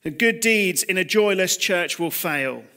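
A man in his thirties gives a sermon over a video call, his voice pitched high. He talks plainly and personally, confessing his own failings and asking his listeners questions. The tone is bright and forward. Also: lively intonation, unhurried. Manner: confessional, conversational preaching with rhetorical questions. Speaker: preacher. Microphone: computer mic on a video call.

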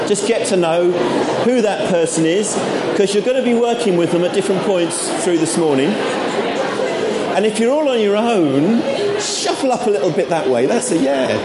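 A man's voice: a little high, mellow. Chatty man preaching in an echoey church. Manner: chatty and informal, with asides to the congregation. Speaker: preacher at an all-age church service. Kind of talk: sermon. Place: church hall. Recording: echoey church room, faint background noise.

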